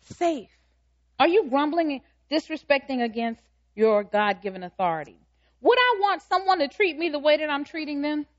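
A woman's voice: sits high, big pitch swings, moderate pace. A woman preaching a sermon, firing repeated questions at the congregation and briefly acting out what people say. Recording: dull, slightly lo-fi sound.

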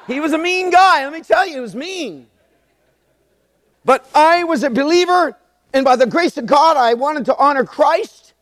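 A man's voice: very high-pitched, normal speed, no room sound, in a large hall. A man in his sixties preaching a sermon, telling stories with emphatic repetition. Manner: animated storytelling, emphatic repetition. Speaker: pastor.

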